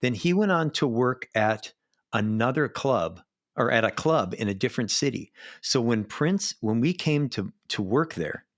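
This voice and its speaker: A middle-aged man, a live sound engineer, telling animated backstage stories in a casual interview. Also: mid-range voice, normal speed, no room sound, studio quality. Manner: animated anecdotes, acts out quoted voices.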